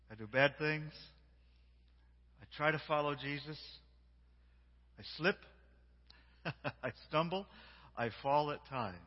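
A man giving a sermon as a guest preacher, warm and repetitive, drawing the congregation into call-and-response, swinging between hushed words and shouts. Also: medium pitch. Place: large church sanctuary. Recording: dull sound with long hall reverb.

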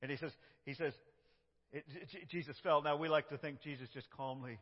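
A man's voice: fairly high pitch, steady tone, fairly quick. Man preaching a dramatic sermon. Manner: dramatic, swings between loud cries and hushed prayer. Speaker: pastor. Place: church sanctuary. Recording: dull, echoey church sound.

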